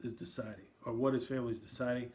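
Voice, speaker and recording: A man's voice: medium pitch, fairly even intonation, very fast, darkish tone. Jokey man toasting on a podcast. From Queens, New York. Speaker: podcast host. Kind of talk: casual sports chat.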